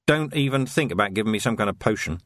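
A man's voice: fairly low pitch, expressive, fast, fairly bright tone, no room sound, studio quality. A man doing a blunt, hardened copper. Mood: wary. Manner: firm and blunt. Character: hardened gruff male police sergeant.

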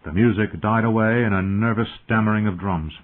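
A man narrating a fantasy audiobook in a measured, tense storytelling manner. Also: fairly low pitch. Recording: tinny phone-like audio.

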